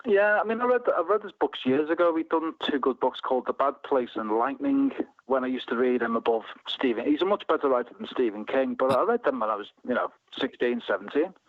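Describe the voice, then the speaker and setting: A man with a Merseyside accent rings into a radio show, wry and rambling as he chats. His voice comes through a thin, narrow phone line with no room around it, at a mid pitch. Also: sing-song, fairly quick, few pauses, dry recording. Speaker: caller. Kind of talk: phone-in chat.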